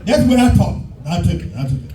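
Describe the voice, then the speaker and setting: A high-pitched, mellow-toned man in his fifties from Detroit tells a loud, cursing stand-up story to a live crowd. He is recorded in an echoey room from some distance off the mic. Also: sing-song, fast talker. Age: 50s. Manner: loud, profane storytelling, breaks into shouts and laughter. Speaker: stand-up comedian. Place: live show stage with audience.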